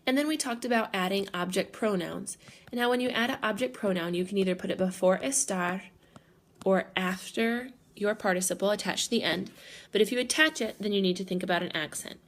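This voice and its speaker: Gravelly-voiced woman teaching a lesson. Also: mid-range voice, a little fast. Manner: patient, step-by-step explaining. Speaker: Spanish teacher. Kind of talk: recorded classroom lesson.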